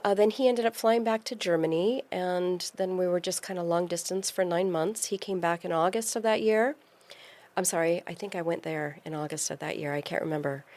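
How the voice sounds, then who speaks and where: Gravelly-voiced woman telling a story. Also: on the low side. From California. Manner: lively storyteller, acts out quoted voices. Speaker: podcast guest. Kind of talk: casual storytelling interview.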